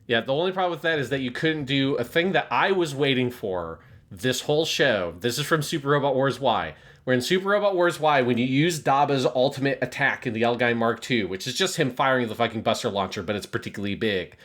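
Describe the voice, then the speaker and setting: A man co-hosting an anime review podcast in loose, casual chat. He rambles with enthusiasm and drops the odd swear. His voice sits in an ordinary middle pitch. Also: lively intonation, brisk, hardly any pauses, a bit bright. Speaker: podcast co-host.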